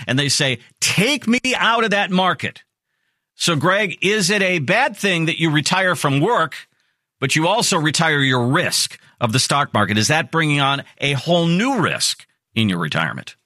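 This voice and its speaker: Lively, upbeat male radio host. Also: no room sound, clean studio sound. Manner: upbeat and promotional, with a lively pitch. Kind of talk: talk radio ad read and chat.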